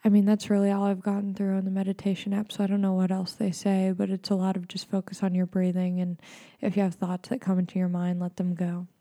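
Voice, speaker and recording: A young woman hosts a podcast, rambling in a loose, sarcastic way. Her jokes land deadpan. Her voice has a warm, mellow darkness to it. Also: mid-range voice, fast. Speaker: podcast host. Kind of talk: casual comedic monologue.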